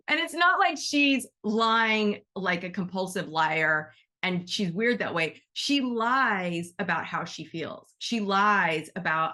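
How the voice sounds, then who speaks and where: A woman's voice: mid-range voice, expressive, unhurried, pushed and bright. A woman teaching an energy-work session in a chatty, demonstrative way, laughing easily as she walks through examples. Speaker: animal reiki teacher.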